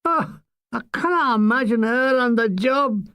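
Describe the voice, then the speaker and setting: A man's voice: sits high, animated, normal speed, a bit bright, dry recording, clean studio sound. A man voicing a crude, mocking Scottish soldier in a light Scottish accent. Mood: gleeful. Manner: coarse and gleeful.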